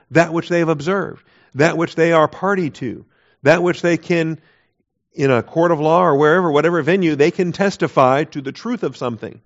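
A man teaching a Bible class in an emphatic way, repeating key phrases and putting rhetorical questions to his listeners. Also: on the high side. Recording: dull lo-fi recording.

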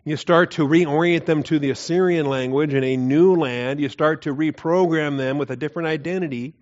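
A man teaching through Bible verses in an earnest, emphatic way, often dropping his voice low to stress a point. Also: normal speed. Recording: dull lo-fi recording.

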